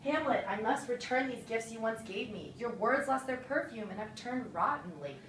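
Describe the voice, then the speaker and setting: A hurt young noblewoman returns her lover's gifts in a student rap play, a young woman voicing her. Her voice is bright and clear. The recording is roomy with a distant mic. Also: on the high side, lively intonation, fairly quick. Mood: reproachful. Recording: roomy echo, distant mic, faint hiss.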